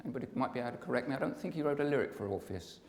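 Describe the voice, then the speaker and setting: A man's voice: mid-range voice, expressive, very fast. A man giving a live pre-concert talk, chatting and joking with the audience in between singing his poems. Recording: long hall reverb with music.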